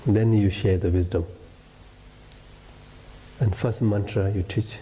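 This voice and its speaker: A man whose first language is Tibetan gives a gentle dharma talk as a meditation teacher, in simple broken English. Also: lowish voice, fairly even intonation, slow, pauses often, slight background noise, low-quality recording.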